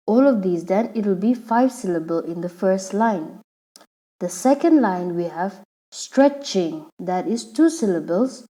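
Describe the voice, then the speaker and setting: A woman teacher explaining a lesson patiently, repeating each word slowly so the syllables come through. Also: mid-range voice, mellow, rough recording. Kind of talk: slow classroom explanation.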